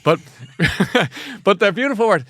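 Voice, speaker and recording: A man with an Irish accent hosting a book show, chatty and animated, often laughing at himself. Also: high-pitched, a little slow, dry recording. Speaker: host. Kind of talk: casual chat.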